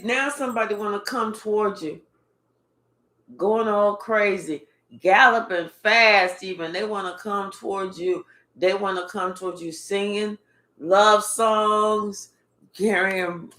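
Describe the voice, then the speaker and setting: Spiritual reader, casual reading, slow drawl, blunt and profane, echoey room. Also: medium pitch, fairly bright tone.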